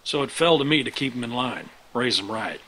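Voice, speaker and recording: An actor playing a gruff, grizzled uncle who leads a band of survivors in a game, blunt and commanding. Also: male voice, medium pitch, expressive, brisk, bright, forceful tone, a little hiss or hum, low-quality recording. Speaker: video game character. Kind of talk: game dialogue.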